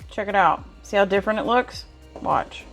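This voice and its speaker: A woman's voice: mid-range voice, moderate pace, creaky, fairly bright tone, faint music behind. A woman chatting folksily to viewers as she cooks in a home kitchen. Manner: chatty, folksy, talks to viewers while stirring. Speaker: home cooking vlogger. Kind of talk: casual cooking demonstration.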